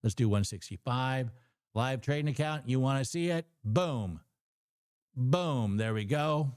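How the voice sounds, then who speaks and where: An excitable middle-aged man talks through trades on a live stream. His voice is mid-pitched and sounds close and dry, with no room echo. He reacts loudly to moves on the screen and then drops back into calm explanation. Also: unhurried, smooth. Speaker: host of a trading livestream. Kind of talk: live-streamed trading talk.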